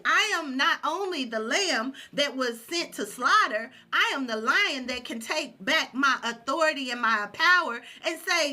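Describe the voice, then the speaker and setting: High, bright-voiced woman giving an inspirational talk. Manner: emphatic and preachy, repeating phrases for effect. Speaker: livestream host.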